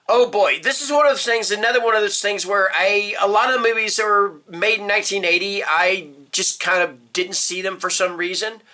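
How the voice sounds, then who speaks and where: With a high, bright, forceful voice, an older horror booktube host rambles through a casual book tag chat. His manner is folksy and packed with fillers.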